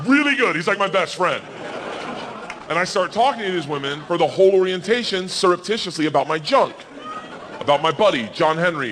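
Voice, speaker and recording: A man, doing a stand-up comedy set, telling a crude story loudly and with animation. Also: sits high, lively intonation, brisk, a crowd in the background. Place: comedy club stage. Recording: live club recording with audience noise.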